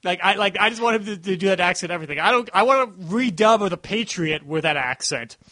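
A man's voice: high-pitched, animated, quick pace, bright, forceful tone, no room sound. A man hosting a casual podcast chat, rambling with many "like" fillers. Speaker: podcast host.

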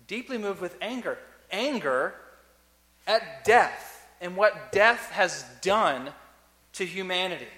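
A man preaching a sermon as a pastor, earnest, swinging between loud emphasis and soft, quiet lines. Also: high voice, animated, slow pace. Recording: long reverb of a large hall.

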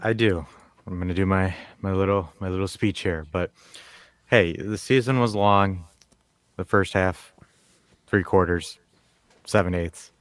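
Lowish joking man co-hosting a podcast. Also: measured pace, long pauses, dry recording. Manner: joking, rambling, with many fillers like "you know" and "man". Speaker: podcast co-host. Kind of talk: casual podcast chat.

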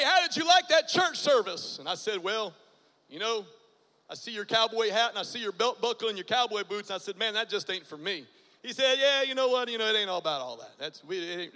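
A man in his forties giving a dramatic testimony sermon, swinging from hushed storytelling to loud bursts. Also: sits high. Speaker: guest preacher. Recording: long hall reverb.

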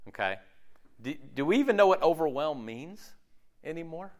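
A man leading a faith-based group discussion, animated and preachy, who keeps checking in with rhetorical questions. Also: fairly high pitch, moderate pace. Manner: animated, peppered with rhetorical "okay?". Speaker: discussion leader.

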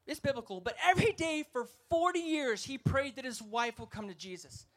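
Energetic high-voiced male preacher. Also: a little fast. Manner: energetic, emphatic, asks the crowd to respond. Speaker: evangelist speaker. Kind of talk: festival sermon.

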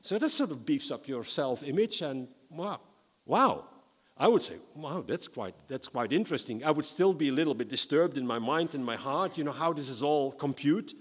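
A man from the Netherlands, preaching a sermon in a lively, humorous way and reading scripture dramatically. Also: on the high side, moderate pace, in a large hall.

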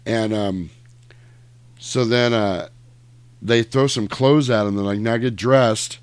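A man's voice: lowish voice, slow pace, clear, resonant tone, dry recording. A man casually retelling a story at length, rambling and profane, with lots of fillers.

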